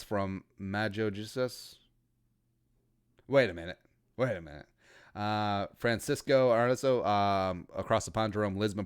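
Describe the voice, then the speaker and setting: A Minnesota man in his thirties hosts a casual livestream podcast, rambling and cracking jokes with crude asides. His voice is fairly low, clear, and resonant.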